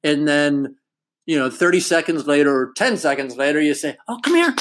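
A man's voice: a little high, fairly even intonation, normal speed, a little hiss or hum. An older man in casual chat, telling a family story in a reflective way and laughing now and then.

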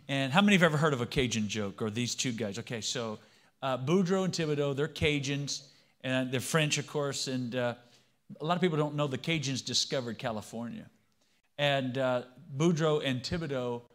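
A man in his fifties, a pastor giving a sermon in a conversational way and often asking the congregation questions. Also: medium pitch.

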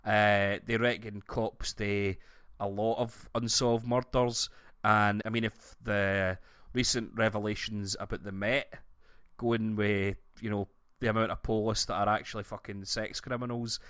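A Scottish man co-hosting a podcast, telling stories in a sweary, animated way. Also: fairly low pitch, unhurried, clear, resonant tone, no echo, studio quality. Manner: sweary, animated storytelling with laughs. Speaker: podcast co-host. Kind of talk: casual chat.

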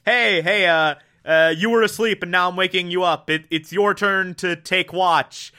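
A young male soldier hurriedly wakes his comrade for his turn on watch, stammering over his words, as a young man quotes him. The voice is bright and sits a little high. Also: fairly even intonation, normal speed, clear, resonant tone. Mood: rousing.

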